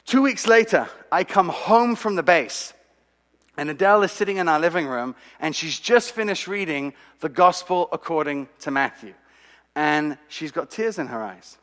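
A man telling his own faith story to an audience, animated and dramatic, with asides to the listeners. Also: a little high, moderate pace. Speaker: speaker giving a testimony. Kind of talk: sermon-style storytelling. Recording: long hall reverb.

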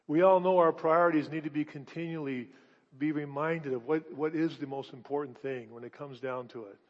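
A fairly high-voiced male pastor preaching in a long-echoing church hall, heard through a dull, muffled recording. He drives his points home with repeated words and rhetorical questions, swinging from loud declarations to quiet, intimate asides. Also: fairly even intonation, a little fast. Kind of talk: sermon.

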